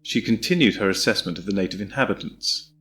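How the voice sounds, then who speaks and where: A man reading an audiobook in a measured, descriptive storytelling manner. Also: lowish voice, a bit bright. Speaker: audiobook narrator. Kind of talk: scripted audiobook narration.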